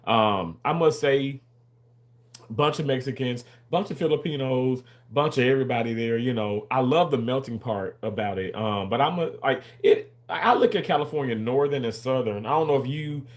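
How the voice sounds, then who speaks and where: A man's voice: medium pitch, normal speed. A man hosting a casual livestream, rambling and repeating himself as he answers and argues with viewers in the chat.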